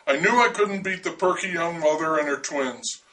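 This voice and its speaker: A man's voice: on the high side, moderate pace, sharp tone, far from the mic, low-quality recording. A man narrating a first-person story in a dry, wry way.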